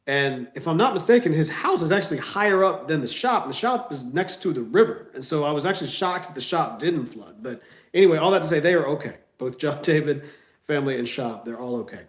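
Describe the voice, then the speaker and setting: A man's voice: on the high side, expressive, brisk. A man hosting a podcast, chatting loosely to listeners with lots of fillers. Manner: loose, rambling, many fillers. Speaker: podcast host. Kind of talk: casual chat to listeners. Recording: echoey room.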